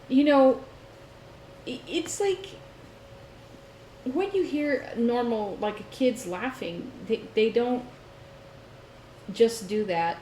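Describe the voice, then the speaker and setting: A woman co-hosting a casual chat show, telling stories in an animated way and laughing often. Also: medium pitch. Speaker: podcast co-host. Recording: roomy echo, faint noise.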